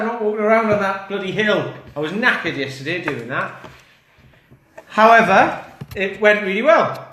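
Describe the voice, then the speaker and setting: Chatty man, bright and roomy. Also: high voice, expressive, moderate pace, slight background noise. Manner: chatty, rambling, self-interrupting. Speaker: fitness coach. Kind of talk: casual talking-head vlog. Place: indoors. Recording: roomy echo.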